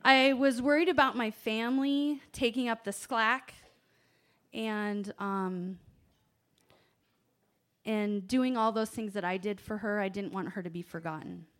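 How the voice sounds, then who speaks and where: A woman telling a personal story to an audience, animated, swinging from hushed asides to loud exclamations. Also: medium pitch, unhurried. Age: adult parent.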